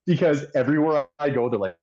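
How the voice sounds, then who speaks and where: A man's voice: fairly high pitch, fast, dull audio, a crowd in the background. A man with a Canadian accent, a guest on a podcast, talking in a laid-back way, laughing easily and swearing. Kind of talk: casual chat.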